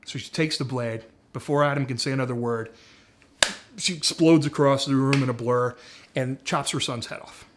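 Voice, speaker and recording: In a relaxed, conversational way, a man lays out a series pitch one scene at a time. His voice is mid-range, and he fills the gaps with "like" and "uh" as he goes through this casual story pitch.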